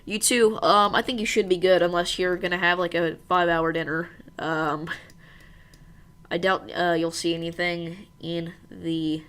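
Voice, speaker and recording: A woman's voice: fairly low pitch, flat delivery, moderate pace, fairly bright tone, clean tone. An American woman giving casual live storm-tracking commentary, reading viewer chat aloud and bantering with them. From United States. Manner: self-deprecating. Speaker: weather livestreamer.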